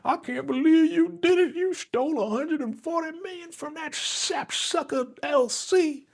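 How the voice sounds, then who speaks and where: A man putting on a high falsetto voice for a gloating scheming woman. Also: unhurried, creaky, heavily acted.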